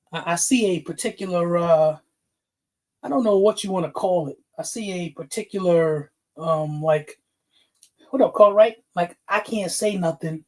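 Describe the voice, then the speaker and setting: A man's voice: sits high, darkish tone. Man, livestream host, casual chat, greets viewers, fired up, laughs often.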